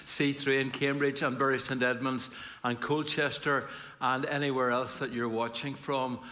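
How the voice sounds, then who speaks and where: Bright-voiced Northern Irish male preacher. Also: mid-range voice, level tone, normal speed. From Northern Ireland. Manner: warm, chatty, self-deprecating asides. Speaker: guest preacher. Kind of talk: sermon with humor and scripture reading.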